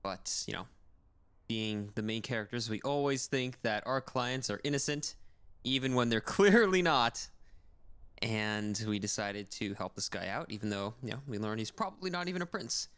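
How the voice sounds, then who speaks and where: A male game streamer talks casually over his playthrough, joking and swearing. His pitch moves around a lot, quite animated. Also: moderate pace, clear, resonant tone. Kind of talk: game let's play commentary.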